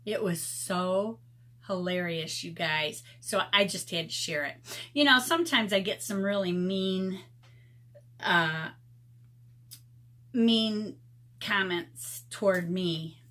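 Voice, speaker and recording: A chatty woman in her fifties, talking casually to her viewers as an art vlogger. She tells her stories with a ready laugh, and her pitch sits right in the middle. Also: takes it slowly, long pauses, pushed and bright. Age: 50s. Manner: chatty, laughs often while telling stories.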